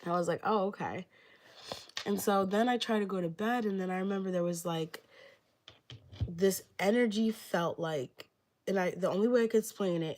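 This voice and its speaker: A woman's voice: medium pitch, darkish tone. A young woman telling a story on a livestream in a rambling, casual way, filling nearly every phrase with "like". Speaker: livestreamer giving readings.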